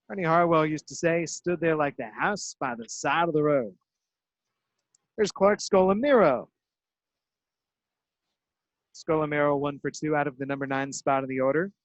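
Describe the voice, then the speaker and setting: A man calling baseball play-by-play in a crisp, measured style that leans into each out. His voice sits a little high, close and dry on a broadcast mic. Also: dry recording. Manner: crisp, measured delivery with dramatic emphasis on outs.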